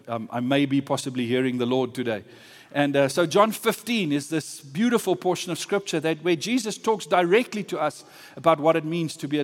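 A man delivers an earnest, emphatic sermon, his voice sitting a little higher than most men's. He slows down to lean on key phrases. Everything rings with the long reverb of a large church hall. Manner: earnest, emphatic preaching with varied pace. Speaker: pastor.

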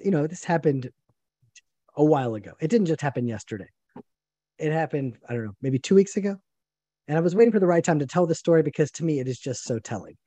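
A man teaching the Bible in a live online gathering, leading into his point with lively, chatty storytelling. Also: on the high side, no echo.

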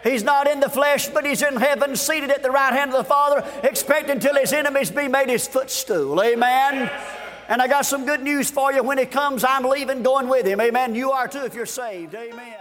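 Fervent high-voiced shouting preacher. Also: male voice, normal speed, in a large hall. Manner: fervent, shouting, repeating refrains. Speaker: guest preacher. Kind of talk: revival sermon.

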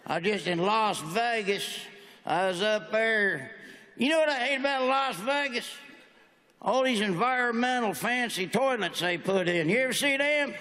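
Southern comic guy, high bright voice, big reverby hall, telling stories on stage. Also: unhurried. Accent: Southern American. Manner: drawling storyteller, acts out characters. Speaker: stand-up comedian. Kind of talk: stand-up routine. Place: large auditorium on stage. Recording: live hall reverb, faint ambience.

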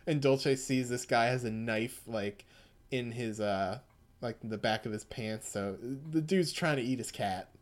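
A man casually recapping a story for a friend, rambling along with plenty of chuckles and asides. His voice sits at an everyday middle pitch. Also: a little slow. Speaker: podcast co-host. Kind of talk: casual chat recapping a manga.

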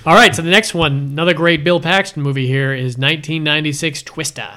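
A man with a bright, forceful, slightly high voice, talking movies with friends. He is chatty and keen, and he slips into quoted film lines as he goes. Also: fairly even intonation, fast talker. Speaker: podcast co-host. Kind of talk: casual movie chat.

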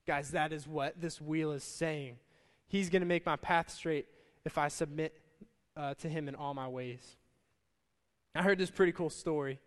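Male pastor, high-pitched, chatty and energetic, live sermon with long hall reverb. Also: smooth. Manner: energetic, conversational, addresses crowd as guys. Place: church service with stage and band.

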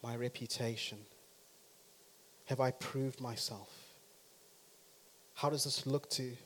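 A man preaching a sermon who talks straight to the congregation and swings from quiet to loud and emphatic. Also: mid-range voice, steady tone, slow pace, a little hiss or hum.

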